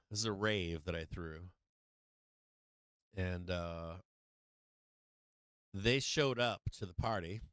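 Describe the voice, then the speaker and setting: A man's voice: deep voice, fairly bright tone, clear, resonant tone, dry recording. A man hosting a live stream, telling a casual anecdote in a rambling way, full of fillers, swearing and laughs. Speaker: host of a stock market live stream.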